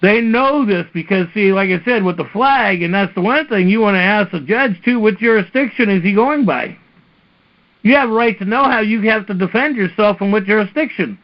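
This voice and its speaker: A man's voice: high voice, moderate pace. A man hosting a casual talk-radio chat, telling long rambling stories over a dull lo-fi stream. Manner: rambling storyteller. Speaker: host.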